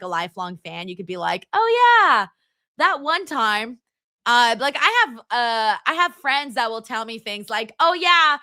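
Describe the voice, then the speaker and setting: Giggly high-voiced woman streamer. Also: pushed and bright, clear, resonant tone, dry recording. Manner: giggly, chatty, reading out viewer comments. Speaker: streamer hosting a wrestling watchalong. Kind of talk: casual live-stream chat.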